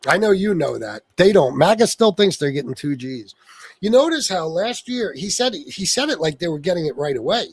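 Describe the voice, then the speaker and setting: A man's voice: a little high, very animated, normal speed, gravelly, husky, no echo. A man hosting a political livestream, reading chat and ranting angrily with lots of swearing. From Sicilian heritage. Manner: angry, profane ranting at viewers.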